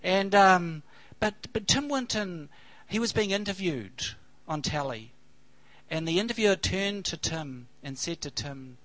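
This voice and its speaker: A pastor with a high-pitched, expressive voice tells a rambling, anecdotal story in his sermon, full of fillers, and softens to a hush at the close. He speaks a little slowly, and the recording is rough with no room sound.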